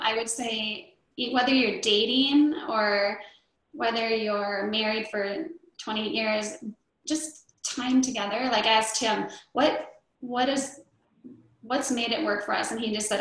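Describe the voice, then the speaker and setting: A woman's voice: a little high, a little slow, fairly bright tone. A middle-aged woman chatting as an interview guest, rambling with many fillers and restarts. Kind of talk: casual chat. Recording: very echoey room.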